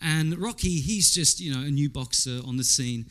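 A man's voice: on the high side, normal speed, a bit bright. Conversational man preaching a sermon. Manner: conversational, asks rhetorical questions, repeats words, quotes in character.

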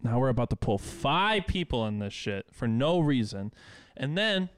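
A man's voice: mid-range voice, expressive, moderate pace, dry recording. A young man from the American Midwest, co-hosting a podcast, telling a bar story in casual chat with laughter and swearing. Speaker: podcast co-host.

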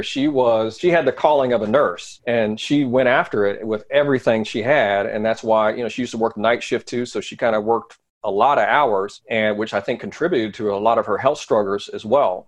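A middle-aged man, a guest in an interview, telling a personal story in an earnest way that often sinks to a quiet low voice.

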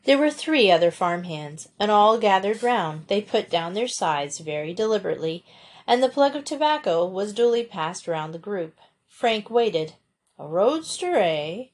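Woman, storybook narrator, measured and clear, mid pitch. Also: animated. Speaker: audiobook reader.

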